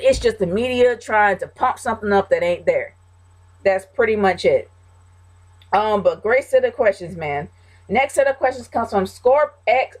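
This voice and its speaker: A woman hosting a casual question-and-answer vlog, giving blunt, emphatic opinions. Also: a little high. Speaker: wrestling vlog host.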